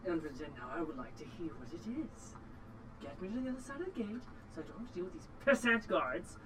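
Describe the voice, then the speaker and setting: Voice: medium pitch, very animated, fast, noisy background, lightly acted. A game master voicing a blunt, crude male dwarf boss who trades in deals and labor. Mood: gruff.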